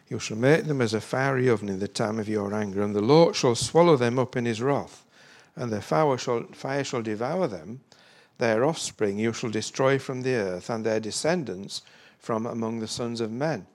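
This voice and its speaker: A man's voice: mid-range voice, normal speed. A man preaching a sermon, reading Scripture aloud and breaking off into folksy, rambling asides with sudden emphatic bursts.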